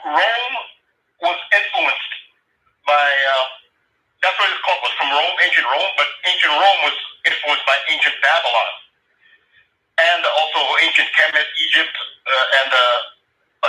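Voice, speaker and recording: A man phones in to a talk show and lectures at length, slow and deliberate, spelling out words letter by letter. His voice is bright and sharp, with a roomy echo. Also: fairly high pitch. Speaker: caller.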